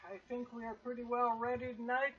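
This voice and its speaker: A woman running a tabletop game as game master, narrating in a relaxed, rambling way with plenty of fillers. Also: fairly high pitch, brisk, slightly rough. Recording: dull lo-fi stream audio with faint hiss.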